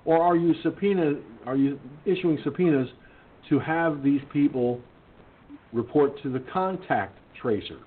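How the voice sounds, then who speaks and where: A man's voice: on the high side, measured pace. A male internet radio host who reads news items aloud and then rants about them, indignant and swearing. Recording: tinny phone-line sound with faint hiss.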